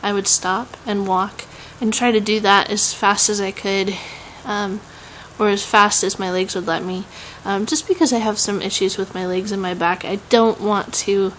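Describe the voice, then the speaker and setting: A woman's voice: mid-range voice, steady tone, unhurried, a little hiss or hum, low-quality recording. A young woman with a Southern US accent, chatting casually in a home vlog, rambling with many "um"s and laughs. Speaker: vlogger.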